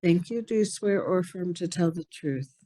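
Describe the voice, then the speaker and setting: Low, mellow-voiced woman presiding. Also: animated, normal speed. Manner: polite, businesslike. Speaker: hearing officer. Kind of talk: formal procedural.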